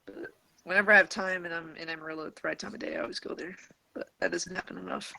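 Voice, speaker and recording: High bright-voiced man chatting on a call. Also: fairly even intonation, rapid-fire, gravelly, dry recording, poor audio. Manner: rambling storyteller, many restarts and "like". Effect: robotic glitching call audio. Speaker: friend in a group video call. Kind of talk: casual chat. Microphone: computer mic on a video call.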